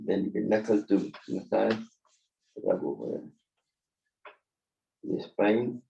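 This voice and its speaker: A man's voice: lowish voice, very animated, takes it slowly, gravelly, warm tone, far from the mic, dull audio. Man guiding a yoga class. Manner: gives short spoken cues, non-native English phrasing. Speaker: yoga instructor.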